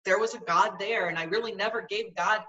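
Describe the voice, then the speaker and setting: A woman's voice: mid-range voice, fairly quick, sharp tone, recorded from a distance, highs cut off. A woman guest in an interview, telling a personal story in an earnest, vivid way. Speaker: podcast guest.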